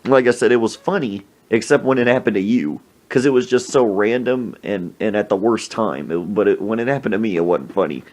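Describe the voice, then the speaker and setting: A man hosting a podcast, telling funny anecdotes in a casual, animated way and acting out the people in them. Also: on the low side, brisk, few pauses. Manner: animated anecdote telling with acted-out sneezes and voices. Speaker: podcast host. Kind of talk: casual storytelling.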